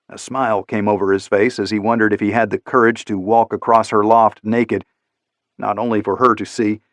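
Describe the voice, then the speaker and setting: A man reading an audiobook in steady, measured scripted narration. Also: on the low side, no room sound, clean studio sound.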